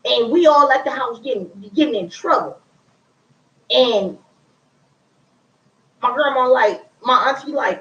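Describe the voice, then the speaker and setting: A woman's voice: on the high side, animated, unhurried, long pauses, a bit bright. A woman talking candidly and bluntly about her life in casual storytelling, repeating herself and using slang. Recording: roomy, distant, dull lo-fi sound.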